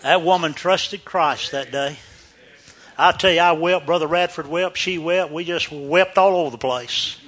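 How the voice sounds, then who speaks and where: A male preacher telling a story in a sermon, animated and laughing, swinging between loud and hushed. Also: a little high, a little slow.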